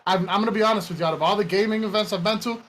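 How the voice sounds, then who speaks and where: A man, co-hosting a casual podcast, talking excitably, laughing and saying "bro" and "yo" a lot. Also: high voice, rapid-fire, a little hiss or hum. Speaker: podcast co-host. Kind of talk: casual chat.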